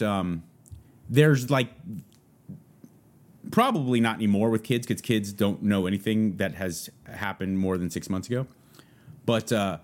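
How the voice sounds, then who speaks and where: A man's voice: fairly low pitch, darkish tone. A man from Southern California hosting a podcast, rambling through a casual solo monologue full of fillers. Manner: rambling, loose, lots of fillers. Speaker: podcast host.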